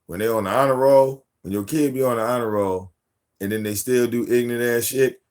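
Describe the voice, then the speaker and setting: A man in his forties, host of a live stream, telling casual stories about his daughter in a profane, animated way, acting out what people said. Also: mid-range voice, fairly quick. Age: 40s. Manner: profane, animated, acts out quotes. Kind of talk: casual storytelling.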